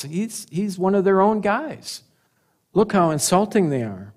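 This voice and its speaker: A man preaching a sermon, animated, asking rhetorical questions and chuckling at his own points. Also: on the high side, measured pace, long pauses. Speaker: pastor.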